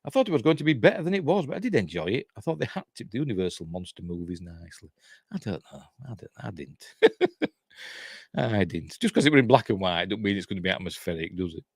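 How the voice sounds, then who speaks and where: A man's voice: lowish voice, very animated, fast, breathy edge, no echo. A Yorkshire man in his fifties recapping a horror film in a casual, digressive way, with chuckling asides. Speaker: film reviewer.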